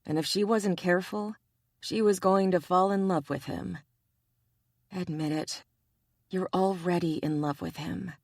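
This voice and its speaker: Lady reading a romance audiobook, slow and lowish, super dry sound. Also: fairly even intonation, darkish tone, no echo. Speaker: audiobook narrator. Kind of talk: scripted narration.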